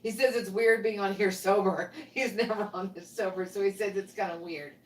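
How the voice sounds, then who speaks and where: A woman's voice: medium pitch, steady tone, normal speed, slight background noise. A woman co-hosting a livestream in casual chat, reading viewer comments aloud and laughing often. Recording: roomy, distant from mic.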